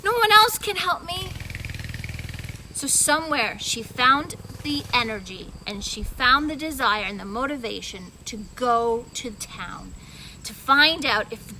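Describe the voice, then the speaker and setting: A woman guest storyteller narrating a Bible story for children. She is animated and chatty, often wondering aloud as she goes. Her voice is very high and bright. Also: a little hiss or hum, rough recording.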